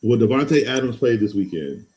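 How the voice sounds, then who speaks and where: A man hosting a live fantasy football stream, excitable and rambling, going from loud hype to low mutters. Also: moderate pace. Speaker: fantasy football show host. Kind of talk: casual live-stream talk.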